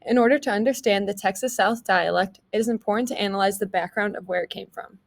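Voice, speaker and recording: A young woman presents to her class. She reads her prepared script evenly in a voice of middle pitch. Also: quick pace, creaky. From American Midwest. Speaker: student presenter.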